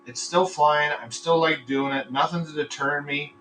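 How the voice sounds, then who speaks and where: A man's voice: a little high, steady tone, moderate pace, a bit bright, distant mic, slight background noise, rough recording. A man hosting a casual live podcast, rambling between topics, swearing freely and telling crude jokes. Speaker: podcast host. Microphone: computer microphone.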